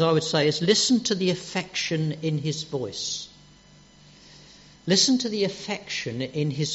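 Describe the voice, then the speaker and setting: A man preaching a sermon, gentle and earnest, dropping soft on quoted words. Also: on the high side. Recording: dull lo-fi church recording.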